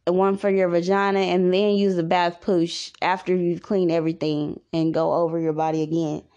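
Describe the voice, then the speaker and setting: A woman's voice: lowish voice, flat delivery, moderate pace, warm tone, lo-fi sound. A woman hosting a podcast, giving rambling, repetitive advice in a casual monologue. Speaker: podcast host.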